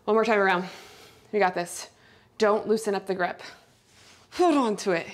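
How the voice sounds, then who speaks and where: A woman's voice: mid-range voice, moderate pace. A woman fitness coach leading a follow-along workout, out of breath as she exercises, giving upbeat cues and countdowns. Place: indoors, not outside.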